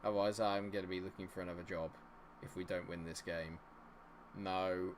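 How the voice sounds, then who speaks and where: A man's voice: low voice, flat delivery, moderate pace, slight background noise. A young man streaming a football management game, chatting to viewers and swinging between cheering goals and fretting over results. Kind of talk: live stream commentary.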